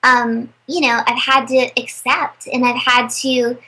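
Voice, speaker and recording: Brief: young woman voice actor, high and bright, chatty interview guest. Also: measured pace, slightly rough, poor audio. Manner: chatty, animated storyteller with many fillers. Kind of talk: casual interview chat.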